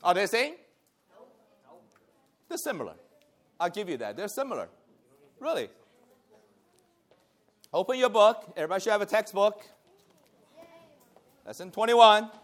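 Laughing frequently, this man from Taiwan leads an energetic church class with a voice that sits high, going back and forth in conversation with his students.

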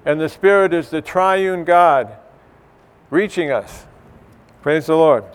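A man's voice: on the high side, slow, clean tone. A middle-aged man giving an informal church teaching, conversational, with many fillers and restarts. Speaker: church speaker.

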